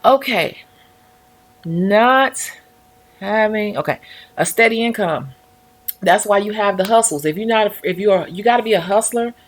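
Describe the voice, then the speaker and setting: A woman's voice: mid-range voice, lively intonation, measured pace, pauses often. A woman talking casually on her own livestream about life as a nail technician. She tells her stories with animation and acts out other people's voices along the way.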